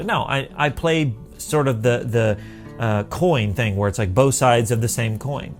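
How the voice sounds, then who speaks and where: A man's voice: medium pitch, a little slow. Middle-aged guy rambling earnestly to the camera, medium voice, faint guitar music in the back. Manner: earnest, rambling, with restarts and self-talk. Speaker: vlogger on living with sight loss. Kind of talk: casual encouraging talk to camera.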